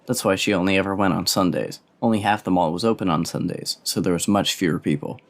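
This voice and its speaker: Audiobook narrator, male, very low pitch, steady read. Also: fast.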